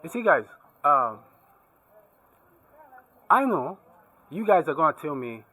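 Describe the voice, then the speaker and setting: A man talks casually to camera in his vlog, lecturing with emphasis. His voice sits a bit high and swings widely in pitch, with a slightly husky edge. He keeps asking the viewer whether they follow. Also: very animated, slow, sharp tone, poor audio. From Zambia. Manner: keeps asking "you see what I mean?". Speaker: travel and tech vlogger.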